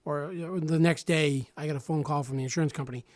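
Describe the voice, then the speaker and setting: A man in his forties telling a personal story in casual radio talk, animated and acting out other people's lines, often restarting and repeating words. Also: on the high side, quick pace, no room sound, clean studio sound. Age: 40s.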